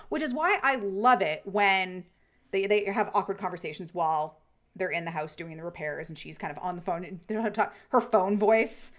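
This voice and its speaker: A woman co-hosting a podcast, chatting casually and retelling scenes with animated quoted lines. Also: mid-range voice, normal speed. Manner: animated retelling with quoted voices, frequent swearing. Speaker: podcast co-host. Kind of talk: casual chat.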